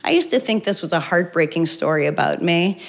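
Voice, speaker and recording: A middle-aged woman doing a stand-up comedy set on stage, telling a story deadpan with sudden loud acted bursts. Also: lowish voice, fairly quick, vocal fry. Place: stage before a live audience.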